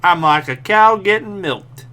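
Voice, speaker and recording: A man putting on the voice of an exaggerated hillbilly from the rural South, with a slow, folksy drawl. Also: sits high, animated, sharp tone, slight background noise, full character voice. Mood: hammy.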